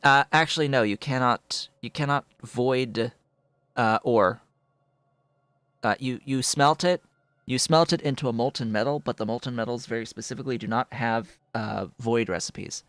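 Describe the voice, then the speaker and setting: A man streaming a game, explaining its mechanics out loud in casual commentary, thinking through them with fillers as he goes. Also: normal speed, no room sound, faint music behind. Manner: coos to his cat in a soft high voice between explanations.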